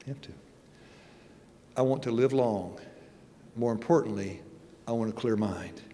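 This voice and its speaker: This guest speaker is a church elder in his sixties, unhurried as he mixes jokes and folksy conversation into a sermon about his personal testimony. His voice is mid-range and dark, with a little hiss or hum and the long reverb of the sanctuary.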